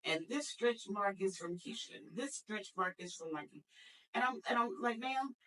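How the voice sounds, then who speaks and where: A woman from Dallas, Texas, giving a personal eulogy and telling a story about her family, her voice jumping high whenever she acts out what people said. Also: normal speed, far from the mic, low-quality recording. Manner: animated storytelling, jumps high to act out quoted speech. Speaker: eulogy speaker. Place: memorial service hall.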